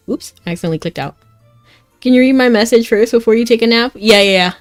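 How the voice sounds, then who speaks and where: A woman's voice: a little high, quick pace. Young woman streaming, rambly giggly chat, faint game music underneath. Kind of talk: casual live-stream chat.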